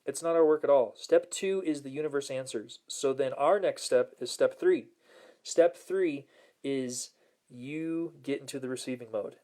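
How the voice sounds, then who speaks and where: A man hosting a motivational self-help talk, upbeat and earnest, repeating key phrases and slowing down to stress his points. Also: medium pitch, dark tone. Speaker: host and self-help coach.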